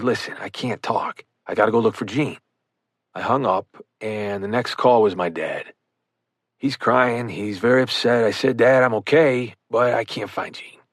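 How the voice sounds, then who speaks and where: A man narrating a firefighter's first-person account for an audiobook, measured and earnest. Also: fairly low pitch, breathy edge, no room sound, studio quality.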